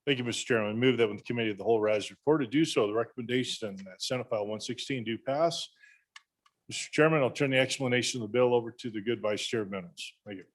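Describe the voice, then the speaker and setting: A man committee chairman briskly rattling off a formal floor motion. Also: medium pitch. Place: legislative chamber.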